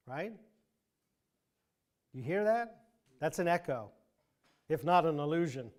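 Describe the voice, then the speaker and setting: A man with a fairly high speaking voice leads a church Bible class. He talks through the passage casually, restarting sentences as he thinks. He drops in dry, wry asides along the way. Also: lively intonation, slow pace, long pauses, darkish tone. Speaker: Bible teacher. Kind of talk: conversational Bible class teaching.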